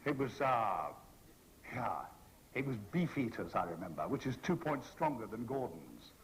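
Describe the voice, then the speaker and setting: A man's voice: mid-range voice, very animated, normal speed, slight background noise, rough recording. A man telling a droll anecdote as a guest on a convention panel, with a theatrical raconteur's delivery. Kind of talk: anecdotal storytelling to a live audience. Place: convention panel before an audience.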